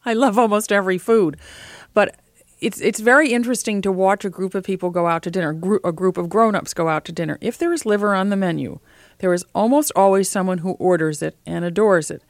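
A woman food writer as an interview guest, telling lively, opinionated stories in casual conversation. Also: mid-range voice, brisk, dry recording, studio quality.

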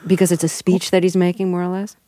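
A woman's voice: lowish voice, flat delivery, fast talker, mellow, no room sound. A woman interviewing a guest on the radio, asking probing follow-up questions.

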